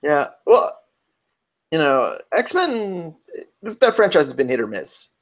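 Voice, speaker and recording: Slowly and in a sing-song way, a slightly high-voiced man with a New York accent rambles through a casual round-table chat as a podcast co-host. His talk is chatty, and he keeps cutting himself off to start his sentences over.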